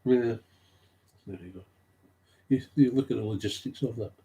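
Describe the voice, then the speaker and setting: A man's voice: medium pitch, moderate pace, mellow, highs cut off. A man speaking in an unscripted monologue, telling stories from recovery work, getting agitated and repeating his key phrases for emphasis.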